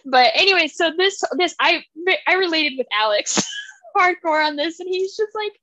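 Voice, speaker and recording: A young woman co-hosting a book podcast, chatting casually, excitable, often laughing and acting out quotes. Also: extremely high pitch, normal speed, no echo. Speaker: podcast co-host. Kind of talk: casual chat.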